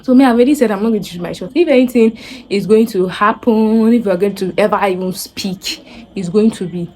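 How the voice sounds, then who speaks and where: Animated Nigerian woman vlogger. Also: mid-range voice, fairly quick. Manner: animated, acts out quoted voices. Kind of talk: casual storytelling to camera.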